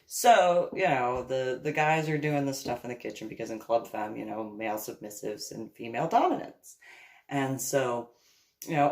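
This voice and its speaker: A woman's voice: very deep voice, moderate pace, a little mellow. A woman from New Jersey telling a long, rambling story in a casual vlog, laughing often and acting out what she said. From New Jersey, USA. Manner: rambling, laughs often, acts out her own orders. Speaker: vlogger.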